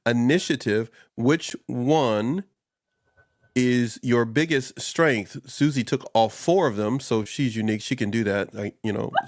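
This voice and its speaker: A man's voice: mid-range voice, measured pace, no echo. Easygoing joking man on a dry call. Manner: easygoing, jokey, laughs often. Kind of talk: casual chat.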